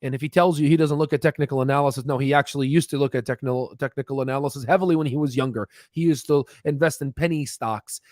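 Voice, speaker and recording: A man walking viewers through stock market charts in a casual, quick explainer with many restarts and fillers. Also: medium pitch, steady tone, a little mellow, dry recording, studio quality. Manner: many fillers and restarts, talks fast on purpose.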